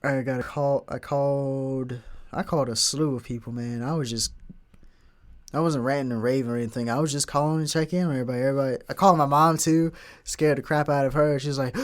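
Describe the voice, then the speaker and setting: A young man hosting his own podcast solo, rambling casually in relaxed slang about his day and family. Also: mid-range voice, fast. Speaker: podcast host.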